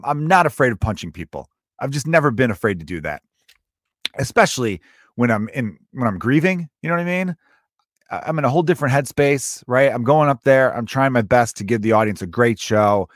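A man who is a stand-up comedian, telling a story in a casual, profane, animated way and acting out the quotes. He speaks as someone grieving. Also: mid-range voice, dry recording, clean studio sound.

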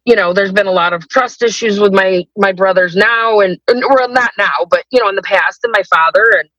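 Woman guest telling her story on a podcast, kinda halting and rambly, keeps restarting, dry close sound. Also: mid-range voice, fairly bright tone, dry recording, lo-fi sound. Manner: hesitant and rambling, with many restarts. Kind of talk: personal story in a podcast interview.

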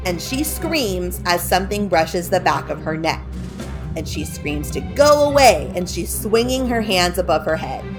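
Woman telling a creepy kids story, kinda low voice, super chatty and loose, faint music behind. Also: big pitch swings, measured pace. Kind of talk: casual story retelling.

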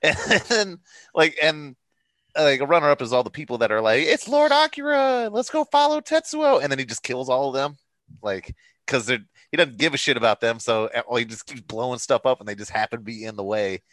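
A man co-hosting a casual film discussion podcast, swearing freely and acting out characters in quick quotes. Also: medium pitch, a bit bright, no echo. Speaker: podcast co-host.

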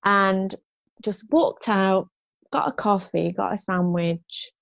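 A woman's voice: medium pitch, slow, gravelly, no room sound. A woman in her fifties, a guest in an interview, telling her story frankly and ramblingly, with restarts and rueful laughs.

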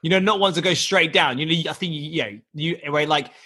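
A man's voice: a little high, quick pace, slightly rough. A young English man telling a story in a casual, jokey way, acting out the voices of the people in it. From England. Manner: animated, jokey, acts out quoted voices.

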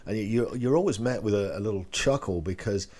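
A man's voice: fairly low pitch, fairly quick, darkish tone. A man, a real estate agent, giving a casual talk that teaches phone sales and acts out short call lines. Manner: conversational, loose, role-plays phone lines.

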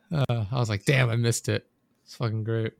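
A man's voice: fairly low pitch, creaky, dry recording. A man in casual chat, rambling and swearing as he vents about a coworker. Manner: profane, venting, rambling storyteller.

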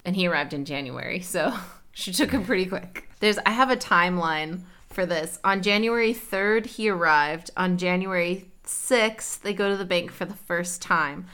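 A woman's voice: on the low side, moderate pace, a bit bright, clear, resonant tone. A young woman co-hosting a podcast, telling a story in a chatty, casual way and acting out quotes. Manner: chatty, lots of "like", acts out quotes. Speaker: podcast co-host.

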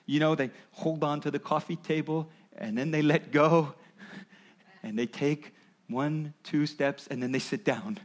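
A man's voice: fairly high pitch, measured pace. A man preaching a sermon, explaining and acting out quoted voices as he goes. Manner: animated, acts out voices of parents and Jesus. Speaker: pastor.

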